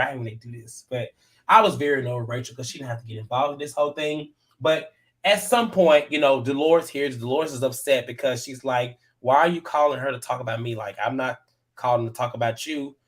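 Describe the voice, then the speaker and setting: A man hosting a live panel, casually recapping a reality episode, animated and often laughing as he acts out what people said. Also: mid-range voice. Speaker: show host recapping episode.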